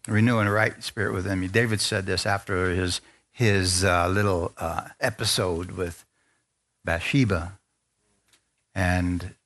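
A man's voice: on the low side, fairly bright tone. A man preaching a sermon as a pastor, speaking conversationally and asking the congregation for amens.

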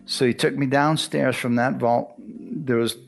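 A man's voice: mid-range voice, fairly even intonation, a little slow, creaky, soft background music. A man in his sixties from Arizona giving a folksy church testimony, chuckling often and restarting his words as he tells the story.

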